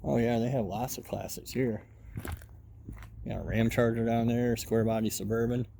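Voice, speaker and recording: A man's voice: mid-range voice, steady tone, normal speed, vocal fry, warm tone, slight background noise. A man giving casual walk-around commentary at an outdoor junkyard, muttering running remarks to himself as he browses. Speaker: car hobbyist vlogger.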